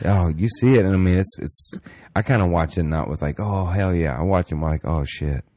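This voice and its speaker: A man's voice: deep voice, fairly quick, dark tone. A man in casual chat as a podcast co-host, laid-back and swearing freely.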